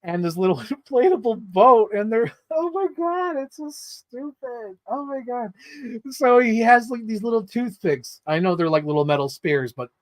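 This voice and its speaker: A man giving a casual movie review, excitable, laughing often and swearing freely. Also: high voice, dry recording.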